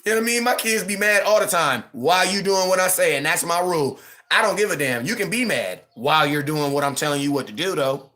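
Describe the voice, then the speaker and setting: A man in his thirties hosts a casual live stream sports rant, his voice bright and forceful and a touch higher than most men's. He talks in an animated, mocking way, slipping into quick impressions and laughing often. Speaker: livestream host.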